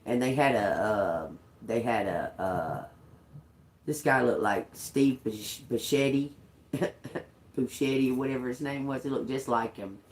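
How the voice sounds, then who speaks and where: A woman's voice: very deep voice, measured pace, darkish tone. A woman in her fifties hosting a livestream, telling a rambling story with frequent laughter and casual swearing. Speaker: livestream host. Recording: echoey room.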